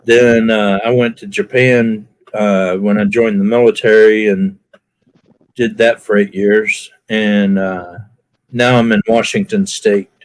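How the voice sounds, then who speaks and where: A man from Alabama on a live panel, telling stories in an animated way, acting out his reactions and laughing at himself. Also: fairly low pitch, takes it slowly, dry recording. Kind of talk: casual chat.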